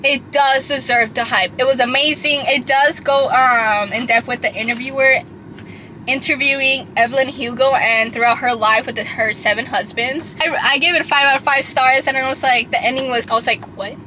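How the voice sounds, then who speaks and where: A young woman chatting casually about books for her vlog, gushing and lively, with many fillers and restarts. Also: high voice, normal speed, slight background noise, poor audio. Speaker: book vlogger. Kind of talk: casual chat.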